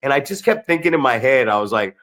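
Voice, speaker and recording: A man hosting a casual podcast chat, telling wrestling coaching stories in an animated, profane way. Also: mid-range voice, quick pace.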